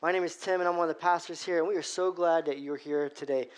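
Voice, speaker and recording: Man, pastor, sermon, fairly high voice, emphatic slow phrasing, storytelling. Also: fairly even intonation, clean tone.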